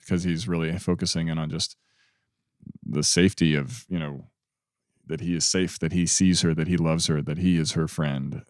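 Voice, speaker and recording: Deep-voiced man in easygoing scripture chat. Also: darkish tone, no echo, clean studio sound. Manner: easygoing, joking, quick to laugh. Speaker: co-host of a ministry podcast. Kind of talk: casual Bible study discussion.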